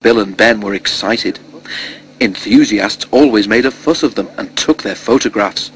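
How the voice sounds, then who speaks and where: A man's voice: fairly low pitch, moderate pace, slight background noise, poor audio. Man reading a children's storybook. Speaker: narrator.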